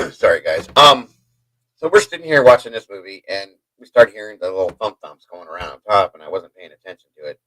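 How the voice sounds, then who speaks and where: Hyper, rambling man host, low voice. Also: big pitch swings, fairly quick, a bit bright, no echo, low-quality recording. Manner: hyper, rambling, chatty asides to viewers. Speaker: livestream host. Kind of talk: casual storytelling to a live chat.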